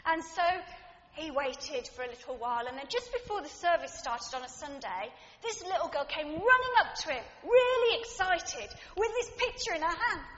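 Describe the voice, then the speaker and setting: A woman's voice: high voice, big pitch swings, normal speed, fairly bright tone, slight background noise. Woman preaching a sermon in a reverberant hall. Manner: earnest, reflective, builds through repeated rhetorical phrases. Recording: dull, reverberant hall recording.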